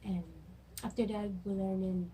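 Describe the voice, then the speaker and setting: A young adult woman student reviewing what she learned in class, halting and searching for words, with frequent restarts. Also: mid-range voice, flat delivery, dark tone, slight background noise, poor audio. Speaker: student presenter.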